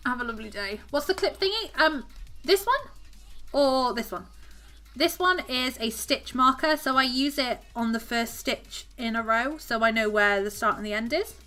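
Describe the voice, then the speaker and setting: Bright, chatty southern English woman. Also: fairly high pitch, lively intonation, moderate pace, faint music behind. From southern England. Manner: chatty, giggly, talks to her cat and reads chat aloud. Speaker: craft streamer. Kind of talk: casual live-stream chat while crocheting.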